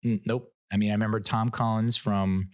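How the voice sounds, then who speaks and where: A man's voice: lowish voice, flat delivery, brisk, a little mellow, no echo, clean studio sound. A man hosting his own podcast, telling a rambling, self-mocking story and laughing at his own jokes. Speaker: podcast host. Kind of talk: casual solo podcast storytelling.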